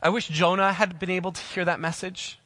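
A man's voice: high-pitched, little pitch movement, a little fast, pushed and bright. A man preaching a sermon to camera, emphatic and repeating his key phrases. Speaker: pastor. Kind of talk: sermon to camera for online viewers. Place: church, filmed on camera. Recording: long reverb hall.

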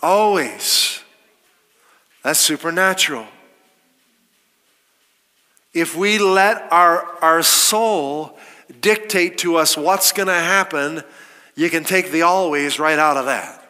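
Male pastor, emphatic sermon delivery, brighter and higher than most men, long hall echo. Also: slow, long pauses. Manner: emphatic, rhetorical questions, quoting scripture. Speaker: preacher.

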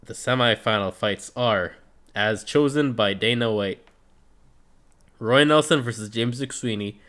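Podcast co-host, man, laid-back recap voice, curses casually, mid-pitch. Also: a little slow, fairly bright tone. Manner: laid-back, swears freely, trails off.

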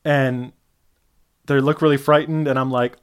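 A man's voice: mid-range voice, flat delivery, measured pace, clean tone. A man telling a long personal story in casual chat, rambling with lots of fillers and acting out quoted voices.

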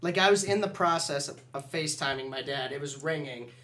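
A man's voice: a little high, a little fast, a loud crowd. Joking young man co-hosting a podcast. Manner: joking, teasing, loud when riled. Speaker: podcast co-host. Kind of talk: casual chat.

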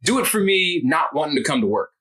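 A man's voice: fairly high pitch, sing-song, quick pace, pushed and bright. An actor playing a big, chummy male coworker with an Albanian accent at a sketch table read. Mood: brash. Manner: brash, says bro and man a lot.

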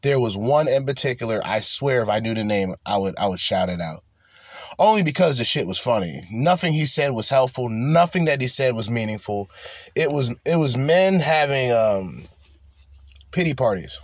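A man giving casual reaction commentary in an animated, laughing way, full of profane slang. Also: medium pitch, moderate pace, no echo.

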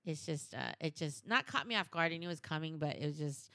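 A woman's voice: low voice, expressive, fast, sharp tone, no room sound, studio quality. A woman co-hosting a podcast in casual chat, playful and slangy, telling stories with quoted voices. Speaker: podcast co-host.

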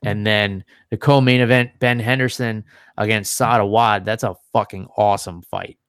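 A man with a lowish, resonant voice runs through upcoming fight cards in casual, upbeat chat. He swears now and then and talks with easy enthusiasm. The sound is dry and close to the mic. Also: steady tone, normal speed, a bit bright, clean tone, no room sound. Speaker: MMA podcast co-host.

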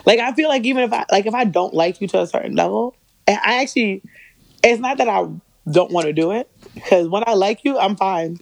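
A woman's voice: medium pitch, a little fast, vocal fry, no room sound. A woman co-hosting a casual podcast chat, candid and giggly, saying "like" often. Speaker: podcast co-host.

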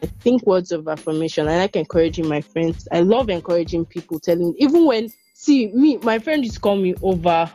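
A woman hosts a casual chat, her husky voice cheerful and encouraging. She teases her friends warmly, with faint music underneath. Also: on the low side, lively intonation, fairly quick. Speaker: podcast host.

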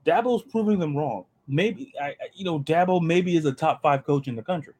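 Guy hosting a sports podcast, bit higher voice, excited, stumbles and repeats himself. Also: fairly quick, husky. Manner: animated, repeats words, joking asides. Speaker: podcast host. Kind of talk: casual sports chat.

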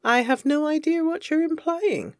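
A reader voicing a cool, sharp-tongued young woman, arch and mock-offended, in a fan fiction audio reading. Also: mid-range voice, expressive, unhurried, dry recording, clean studio sound. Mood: arch teasing.

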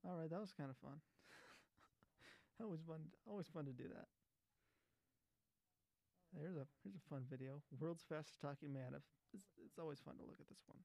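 A man introducing a video in a relaxed, casual way. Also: a little high, normal speed, vocal fry, long pauses. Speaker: video presenter.

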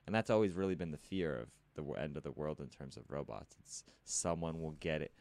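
Deep-voiced man chatting casually. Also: animated, a little fast, darkish tone, no room sound. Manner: musing, speculative. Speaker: podcast host. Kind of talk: casual conversation.

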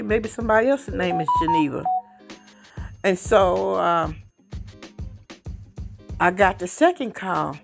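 Gravelly woman telling a testimony. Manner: halting, repeats words, rising pitch when excited. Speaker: podcast host. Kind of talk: personal testimony storytelling. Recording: faint music behind.

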